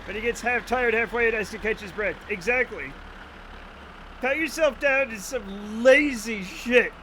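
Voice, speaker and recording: Very high, bright-voiced joking man. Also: measured pace, slight background noise, low-quality recording. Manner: joking, swearing, laughing often. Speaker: game streamer. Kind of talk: casual livestream commentary.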